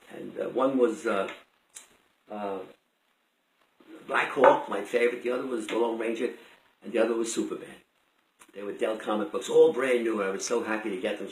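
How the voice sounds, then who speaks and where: An older man telling a personal story out loud in a rambling, conversational way with many restarts. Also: on the low side, creaky. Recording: roomy echo.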